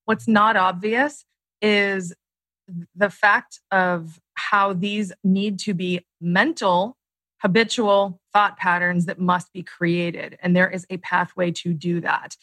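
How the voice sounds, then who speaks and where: A woman's voice: on the low side, flat delivery, takes it slowly, fairly bright tone, no echo. A woman in her late thirties, a guest author and coach, explaining her ideas in a podcast interview and acting out inner voices with animation. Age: late 30s.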